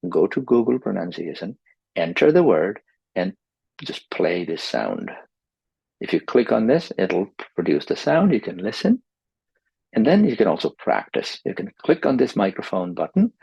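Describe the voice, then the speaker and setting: Man, teacher, husky voice, lively pitch, patient explaining, dry dull recording. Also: dry recording. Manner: explains patiently, models words with exaggerated stress. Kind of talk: pronunciation lesson.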